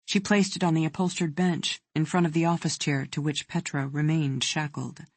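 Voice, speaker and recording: An audiobook narrator reading a thriller in a measured, even way. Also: mid-range voice, no echo.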